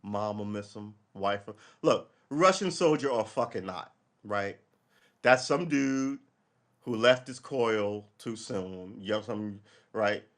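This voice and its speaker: A man's voice: fairly low pitch, animated. A middle-aged man hosting a live stream, giving casual, rambling commentary as he reads and reacts to a news article, swearing freely. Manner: rambling and profane, acts out quick imagined dialogue.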